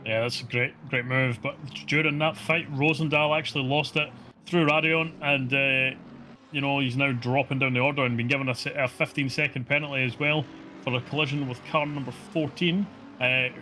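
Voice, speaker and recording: Scottish male co-commentator, bright and forceful, loose and joking. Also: mid-range voice, fairly even intonation, fairly quick, slight background noise. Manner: chatty, joking, fills with ums and yeahs. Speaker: sim racing co-commentator. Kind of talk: live esports race commentary.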